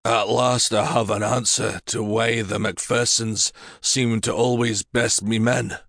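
A man reading an audiobook and voicing a vicious, crusty old Highland laird with a Scottish accent. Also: steady tone, measured pace, fairly bright tone, dry recording, studio quality, exaggerated voice. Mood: menacing. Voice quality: crusty, gruff.

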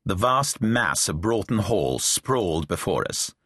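Reading a novel aloud at a measured pace, a middle-aged audiobook narrator uses a lowish, fairly bright voice with a sing-song lilt. His delivery is dry and wry, with lightly voiced characters, recorded with no echo on a close studio mic in a dry booth.

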